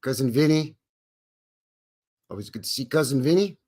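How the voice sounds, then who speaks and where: A man's voice: mid-range voice, expressive, normal speed, a little mellow. A Canadian man hosting a live stream in a folksy, jokey way, greeting chatters by name. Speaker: livestream host. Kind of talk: casual live-stream chat.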